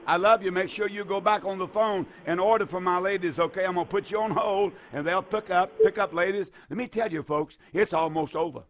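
A man's voice: high-pitched, fairly quick, few pauses, slight background noise. A man hosting a radio call-in program as a pastor, preaching emphatically and repeating his key phrases.

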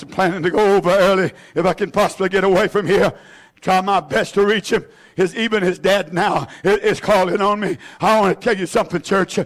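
A man preaching an impassioned sermon in a church, tearful, swinging from shouts to hushed asides. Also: sits high. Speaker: pastor.

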